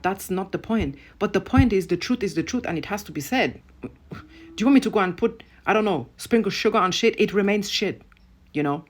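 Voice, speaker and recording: A woman online commentator delivering a blunt, profane, emphatic rant straight to camera. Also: medium pitch.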